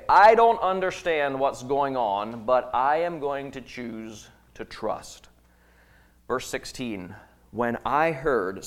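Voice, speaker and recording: Man preaching with dramatic swings in volume. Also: mid-range voice. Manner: dramatic scripture reading, rising loud in quoted pleas, dropping soft in reflection; halting restarts when speaking off the cuff. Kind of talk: sermon with scripture reading.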